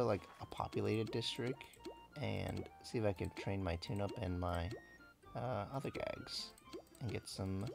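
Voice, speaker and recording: A man's voice: mid-range voice, gravelly, darkish tone. A man giving casual, rambling commentary while he plays a game, often correcting himself and laughing at his own slips. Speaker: let's play gamer.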